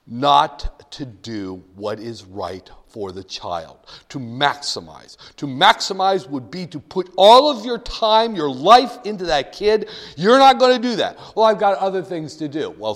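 A man gives a classroom lecture full of jokes and acted-out scenes. His voice sits fairly high. It rings with the long reverb of a lecture hall. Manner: jokey storytelling, acts out voices.

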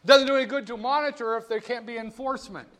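A male lecturer giving a classroom lecture in a lively, jokey way, speaking straight to his students. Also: extremely high pitch, fast talker.

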